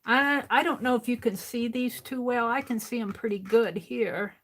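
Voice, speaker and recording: An older woman hosting an art livestream, chatting casually to herself as she works and counting items out loud. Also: fairly high pitch, steady tone. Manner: unhurried, talks to herself while working, counts items aloud. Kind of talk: casual crafting livestream chat.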